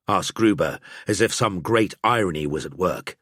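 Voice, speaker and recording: A man narrating an audiobook in a measured storytelling manner. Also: low-pitched, expressive, pushed and bright, slightly rough, dry recording, clean studio sound.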